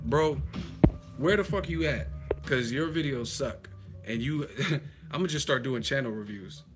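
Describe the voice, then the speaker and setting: A man hosting a livestream reaction show, trash-talking in a brash, profane way. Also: mid-range voice. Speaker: boxing channel host.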